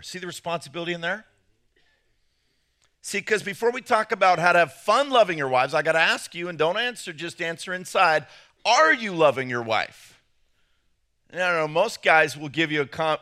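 A man's voice: a little high, expressive, normal speed, long pauses, bright, forceful tone. A middle-aged male pastor preaching a sermon, joking and acting out the voices of the people he quotes.

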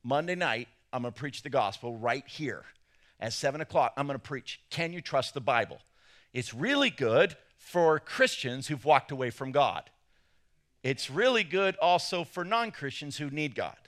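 A man preaching a sermon, telling a story in an animated way and acting out quotes with sudden loud jumps. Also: medium pitch, normal speed. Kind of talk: sermon with personal anecdotes.

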